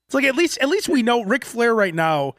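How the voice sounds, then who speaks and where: A man co-hosting a casual wrestling podcast who laughs a lot and breaks into loud mock shouts. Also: extremely high pitch, very animated, brisk, no echo, clean studio sound. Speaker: podcast co-host. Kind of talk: casual chat.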